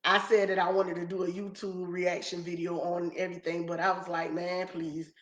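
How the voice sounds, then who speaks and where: Ranting about online drama, an adult mother who vlogs on YouTube keeps repeating her emphatic points in casual commentary. Her voice is on the low side with flat delivery at normal speed; the recording is echoey and the highs are cut off.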